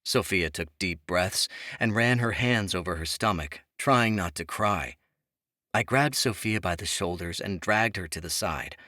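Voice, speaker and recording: A man narrating a fantasy audiobook in the first person, in an even, measured reading. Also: deep voice, dry recording, studio quality.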